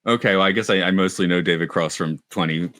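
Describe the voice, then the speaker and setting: Guy cohosting a podcast, chatty, keeps laughing, kinda low voice, dead dry room. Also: quick pace, fairly bright tone, dry recording. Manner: chatty, laughs often, trails into restarts. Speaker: podcast co-host. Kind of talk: casual chat.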